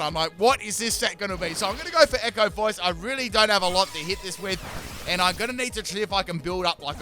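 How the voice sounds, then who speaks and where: A man's voice: high-pitched, pushed and bright. A young man hosting a gaming channel, giving chatty, joking commentary over his battles. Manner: chatty, joking, self-mocking asides. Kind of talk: casual game commentary voice-over.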